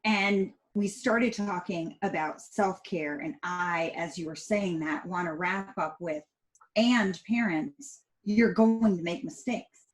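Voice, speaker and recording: A woman's voice: lowish voice, takes it slowly, poor audio. A middle-aged woman, a podcast guest, chatting casually and acting out family moments as she tells her story. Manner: animated storyteller, acts out family dialogue.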